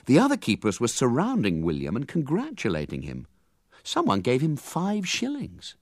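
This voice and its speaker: A man reading a children's story aloud with lively, animated narration. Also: medium pitch, normal speed, dry recording, studio quality.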